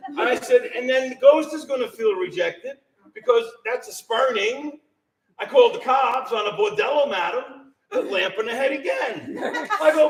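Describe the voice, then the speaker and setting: Man, high voice, very lively, storytelling to a live crowd, off-mic, roomy sound. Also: normal speed, distant mic. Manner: animated, laughing storyteller, acts out voices. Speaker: guest telling a ghost story. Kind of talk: animated storytelling to a live audience. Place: small shop with live audience.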